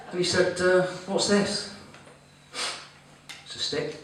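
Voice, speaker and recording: A man compering a comedy night, telling a story and teasing the crowd with casual swearing. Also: high-pitched. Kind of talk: stand-up storytelling to a live audience. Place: comedy club room. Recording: very echoey room, far-off mic, noisy.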